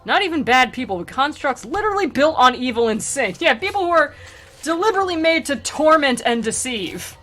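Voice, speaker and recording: A woman's voice: sits high, big pitch swings, fairly quick, fairly bright tone. A woman streamer casually retelling a story and reading verse aloud, chatty and wry, with lots of fillers. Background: faint music.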